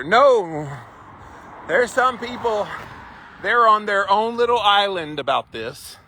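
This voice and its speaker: A man's voice: high voice, lively intonation, takes it slowly, pauses often, sharp tone. A man hosting a casual live stream while out walking, reading viewer comments and giving his opinions in a chatty way, with outdoor noise behind him. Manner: chatty, opinionated, stretches out phrases for emphasis. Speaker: host of a weekly walk-and-talk live stream. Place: outdoors on a walk.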